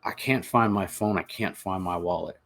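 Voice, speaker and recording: Man, podcast host, husky gravelly voice, earnest halting confessional delivery. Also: deep voice, fairly bright tone. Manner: earnest, halting, with repeated words and restarts. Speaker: podcast host telling his recovery story. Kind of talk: confessional personal narration.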